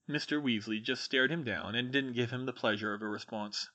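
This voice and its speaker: A man reading a fan fiction chapter aloud as narrator, with expressive storytelling. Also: mid-range voice, fairly quick, hardly any pauses. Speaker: audiobook reader.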